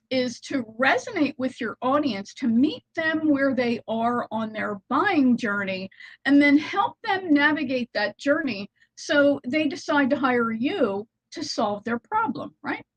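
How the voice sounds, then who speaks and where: A woman with a fairly high voice chats informally straight to her laptop from inside a house. She corrects herself now and then as she explains her ideas. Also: animated, slow, a bit bright, poor audio. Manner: chatty and informal, with small self-corrections. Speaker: content strategist. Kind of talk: casual talking-head video. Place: house, indoors. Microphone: laptop built-in mic.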